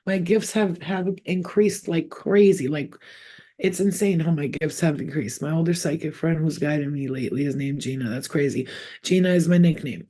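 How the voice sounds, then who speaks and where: A mellow-voiced woman talks straight to camera, giving a psychic reading. She rambles, circles back to repeat names, and grows emotional as she passes the messages on. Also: sits low. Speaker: psychic medium. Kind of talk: channeled spirit reading to camera.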